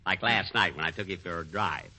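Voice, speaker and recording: A middle-aged man hosting a 1940s radio comedy, playing a vain, easily exasperated version of himself with sharp comic timing. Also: deep voice, a little fast. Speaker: comedian host. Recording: noisy 1940s radio broadcast.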